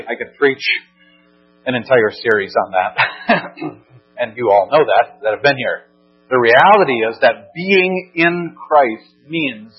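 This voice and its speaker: A man's voice: medium pitch, slightly rough. A man preaching a sermon as pastor, earnest and emphatic, repeating phrases and restarting as he builds his points. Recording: dull lo-fi recording with mains hum.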